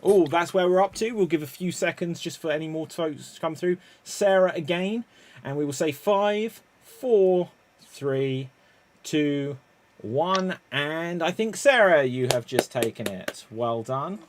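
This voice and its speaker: A man hosting an improv comedy game with brisk, wry announcements. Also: on the high side, lively intonation. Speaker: host.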